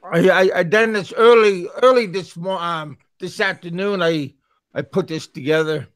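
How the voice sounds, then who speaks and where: High-voiced stammering male show host. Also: moderate pace, a bit bright, dry recording. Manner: stammering, repeats his words often; talks back to chatters who interrupt him. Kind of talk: casual storytelling chat.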